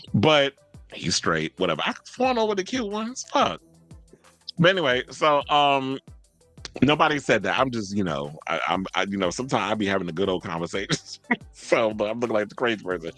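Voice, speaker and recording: A man hosting a casual commentary show, talking in a chatty, profane and animated way. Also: mid-range voice, fairly quick, faint music behind. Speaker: host.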